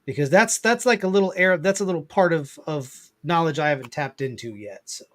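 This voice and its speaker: An enthusiastic man chatting as a podcast guest, repeating his points with plenty of feeling. His voice sits a little high for a man. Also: animated, fairly quick. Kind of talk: casual podcast chat.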